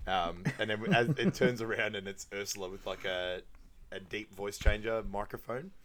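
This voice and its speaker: Man, lowish voice, casual podcast co-host, film recap, quotes lines, laughs. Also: normal speed, a bit bright.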